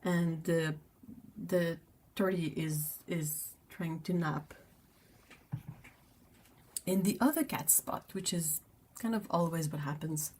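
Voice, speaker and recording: A woman's voice: low-pitched, slow, a little mellow, husky. A woman hosting a casual livestream, chatting in a rambling way with lots of fillers. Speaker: livestream host.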